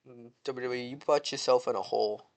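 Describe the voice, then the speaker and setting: A man giving casual predictions in an excitable, slangy, rambling way, often restarting his sentences. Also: mid-range voice, moderate pace, gravelly. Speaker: wrestling fan vlogger.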